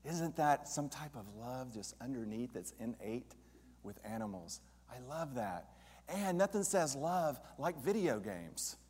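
A man preaching in an easy, conversational way, turning to the congregation with questions as he goes. His voice sits at an ordinary middle pitch. The sound carries a long reverb from a church hall. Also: very animated, measured pace, darkish tone, slight background noise. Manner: conversational, asks the audience questions. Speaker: speaker at a church service. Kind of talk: sermon. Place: church sanctuary.

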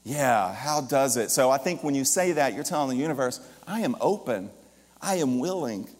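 A minister preaching a lively sermon, his loudness rising and falling, with joking asides. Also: mid-range voice, normal speed. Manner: lively, jokey preacher with shifting volume. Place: church or hall. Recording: long reverb of a large hall.

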